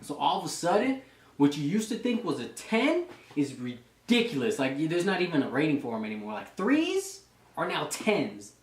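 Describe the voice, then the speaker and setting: With a fairly high voice and huge pitch swings, a twenty-something fitness vlogger and reservist speaks at a moderate pace in a reverberant indoor gym. Resting between sets, he casually recounts profane boot camp tales, laughing as he acts out drill instructors.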